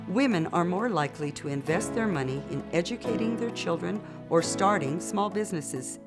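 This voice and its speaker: A woman giving measured, persuasive scripted documentary narration. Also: fairly low pitch. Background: guitar music.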